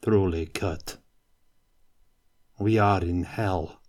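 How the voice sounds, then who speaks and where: A man's voice: low-pitched, very slow, a little mellow. A man doing a grim, sickly little soldier.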